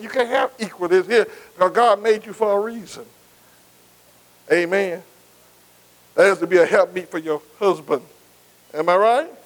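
A man's voice: high-pitched, rough recording. A man preaching a sermon, emphatic and repetitive, calling on his congregation to answer him. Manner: call-and-response, asking the congregation to answer.

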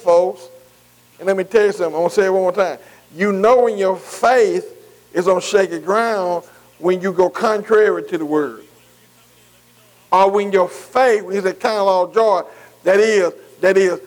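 In a rough recording, a high-voiced man preaches a folksy sermon, calling out to his congregation. His delivery uses dialect and a call-and-response style.

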